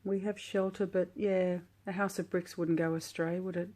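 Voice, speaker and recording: Low voiced woman on the floor at home unboxing tarot cards, gushy and slow, just loving every card. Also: level tone, mellow. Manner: gushing, admiring, unhurried. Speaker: tarot vlogger. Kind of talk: relaxed unboxing commentary.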